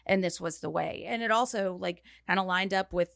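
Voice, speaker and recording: Gravelly, low-voiced woman on a podcast. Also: a little fast, a bit bright, no echo, clean studio sound. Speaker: podcast panelist. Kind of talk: casual book discussion.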